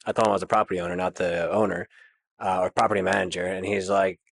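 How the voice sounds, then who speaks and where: Fast-talking low-voiced landlord. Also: male voice, flat delivery, gravelly, no room sound. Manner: rambling, many fillers, laughs nervously. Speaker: landlord guest. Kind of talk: casual storytelling.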